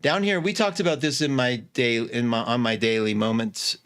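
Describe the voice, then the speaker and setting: A man's voice: medium pitch, steady tone, normal speed, a bit bright. A man hosting a casual astrology live stream, effusive, greeting viewers by name and laughing often.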